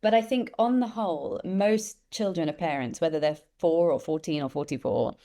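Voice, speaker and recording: A woman, a guest who tells lively stories and acts out the voices of the people she quotes. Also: low voice, moderate pace. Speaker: interview guest, empathy expert. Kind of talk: conversational storytelling.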